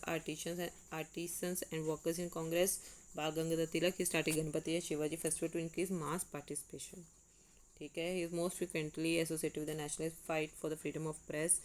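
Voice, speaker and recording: A woman's voice: low-pitched, low-quality recording. Indian woman teaching a quiz lesson. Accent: Indian English. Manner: mixes Hindi asides into English; deliberate, with frequent restarts on words. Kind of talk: exam-prep lecture, reading and explaining quiz statements.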